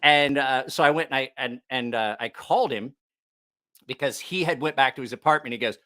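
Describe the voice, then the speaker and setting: A man hosting a casual livestream chat, telling a profane story with lots of laughter and animated asides. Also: medium pitch, fairly quick. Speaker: knife channel host.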